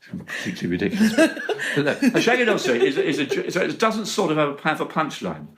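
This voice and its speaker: A man's voice: a little high, wildly swooping pitch, quick pace, a bit bright. An older man, chatting and reading his comic poems, rambling and laughing often. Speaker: poet. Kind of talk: casual chat and comic poetry reading.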